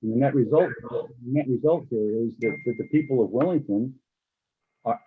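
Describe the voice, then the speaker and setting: A board member questioning officials at a public meeting, speaking haltingly with frequent restarts. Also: male voice, mid-range voice, a little hiss or hum. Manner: halting, many restarts and repeated words. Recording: husky voice on a tinny phone-like line.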